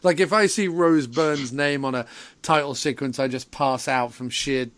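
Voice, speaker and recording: A man hosting a casual podcast chat, sweary and animated, laughing often. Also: mid-range voice, moderate pace, no echo. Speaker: podcast host.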